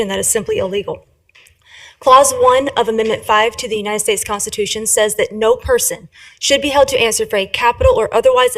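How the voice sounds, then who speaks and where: A woman giving prepared public comment at a county meeting, speaking quickly in a formal, legalistic way. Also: fairly high pitch. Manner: fast, formal, legalistic delivery.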